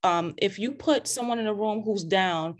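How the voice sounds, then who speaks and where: A woman hosting a casual faith talk, animated and preachy, with many restarts and scripture quotes, heard over a video call. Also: medium pitch, normal speed. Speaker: podcast host.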